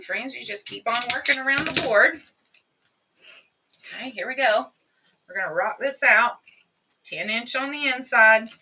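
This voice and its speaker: Chatty woman with a lively voice. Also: fairly high pitch, recorded from a distance, slight background noise, low-quality recording. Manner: chatty, talks to viewers while working. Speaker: craft tutorial host. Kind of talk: live crafting demonstration.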